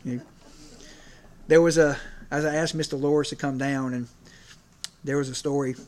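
A man's voice: mid-range voice, steady tone, moderate pace, a little mellow, a little hiss or hum. A man preaching a sermon in a conversational way, with many fillers and restarts, at times emotional as he tells stories. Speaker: preacher and PE teacher.

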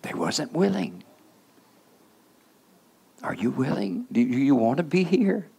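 A man preaching a sermon in plain colloquial speech. He keeps asking the listener questions, often prodding with "huh?", and swings between hushed and loud passages. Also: mid-range voice, very animated, slow pace, gravelly, slightly rough. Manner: rhetorical questions with repeated "huh?"; informal colloquial grammar.

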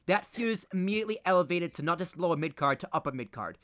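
Lively, high-voiced man arguing points. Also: quick pace, no room sound. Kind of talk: casual wrestling chat.

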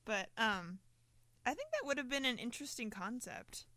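A woman's voice: a little high, sing-song, moderate pace, pushed and bright, dry recording. A young woman co-hosting a podcast in casual chat, agreeable and a little hesitant. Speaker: podcast co-host.

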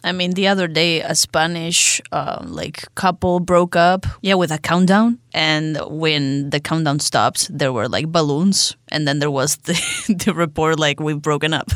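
A podcast co-host in casual gossip chat, sarcastic, often laughing and trailing off low. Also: a little slow, a bit bright, dry recording, studio quality.

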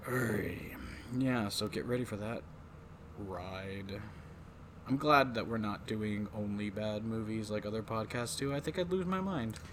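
A man hosting a casual movie podcast, talking in an animated way, swearing often and acting out voices. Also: lowish voice, unhurried, background noise. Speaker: podcast host.

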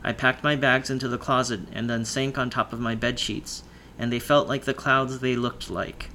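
A man reads a first-person audiobook in a measured storytelling manner, his voice pitched in the middle range. Faint noise sits under the recording. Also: level tone, bright, forceful tone. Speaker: audiobook narrator.

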